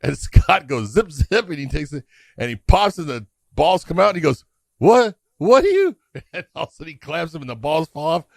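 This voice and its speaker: A middle-aged man co-hosting a podcast, telling a long story in a casual, animated way and acting out the voices of the people in it. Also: on the high side, fast, creaky, no room sound, clean studio sound. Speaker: podcast co-host.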